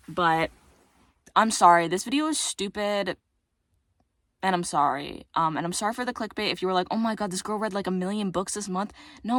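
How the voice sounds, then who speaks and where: Rambling teen girl with a gravelly voice. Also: lowish voice, a bit bright, no echo. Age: teens. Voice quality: voice cracks. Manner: rambling, self-deprecating, many "like" and "um" fillers. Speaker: book vlogger. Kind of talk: casual chat to camera.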